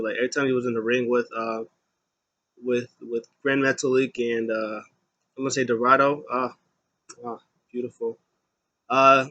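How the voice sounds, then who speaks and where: A man's voice: mid-range voice, sharp tone. A young man casually recapping a wrestling show, rambling with lots of fillers. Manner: rambling, many fillers, paraphrases with quick voices.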